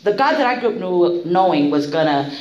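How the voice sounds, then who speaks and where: Woman, middle-aged, recovery share, blunt, profane, very lively pitch, echoey room. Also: a little fast, muffled recording. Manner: profane, blunt, laughing storyteller. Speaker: recovery meeting speaker. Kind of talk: candid storytelling share.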